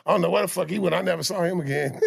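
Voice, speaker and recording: A man telling street stories in casual chat, with profane slang, animated delivery and stammering restarts. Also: sits high, rapid-fire, vocal fry, slightly rough. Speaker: guest telling life stories.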